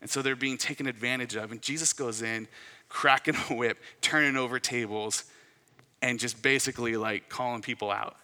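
A man gives a sermon in a loose, conversational manner, telling it like a story and voicing short quotes along the way. His voice is very bright and sits at a middling pitch. The sound rings out with the long reverb of a large hall. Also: fairly even intonation, normal speed. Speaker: pastor.

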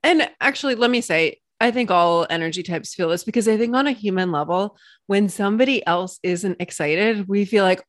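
A woman hosting a solo podcast into her computer mic, bubbly and excitable, often jumping into high, squealing cheerleader praise. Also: brisk, no echo, clean studio sound. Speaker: podcast host and coach.

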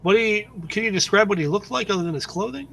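Man, high voice, casual, rambling questions, tabletop game player. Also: fast, gravelly, a bit bright.

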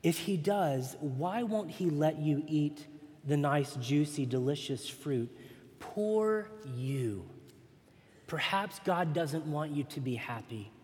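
A man voicing a sly serpent in a storybook read-aloud, with a hushed, wheedling manner. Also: a little high, expressive, takes it slowly. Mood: coaxing. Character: sly, coaxing serpent tempting a woman. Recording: long reverb in a large hall.

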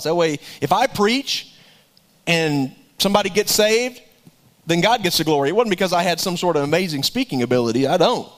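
A man, a pastor, preaching a folksy, animated sermon, joking now and then and repeating words as he goes. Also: high-pitched, fairly quick.

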